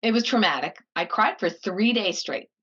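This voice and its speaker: A woman's voice: mid-range voice, normal speed, breathy edge. A middle-aged woman from Canada telling her life story in a casual interview, laughing often and acting out what others said. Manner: animated, laughs often, acts out quoted voices. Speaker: guest. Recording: slightly dull lo-fi audio.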